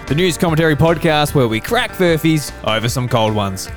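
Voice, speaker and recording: An Australian man hosts a casual podcast in a laid-back, chuckling way, trailing off in easy fillers. His pitch sits in a middle range. Faint guitar music plays behind him. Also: expressive, a little fast. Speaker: podcast host.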